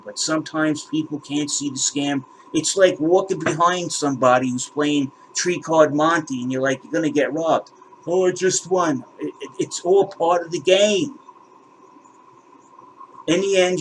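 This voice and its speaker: A man's voice: fairly high pitch, a little slow, a little hiss or hum, rough recording. A man hosting a channel, ranting with indignation and exasperation, swearing and repeating words as he walks viewers through his screen. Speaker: crypto channel host.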